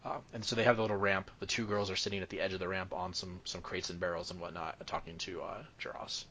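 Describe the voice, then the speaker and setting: Deep-voiced man as game master, meandering delivery. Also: little pitch movement, quick pace, bright, forceful tone. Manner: rambling, many fillers and self-corrections. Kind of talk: narrating a tabletop game.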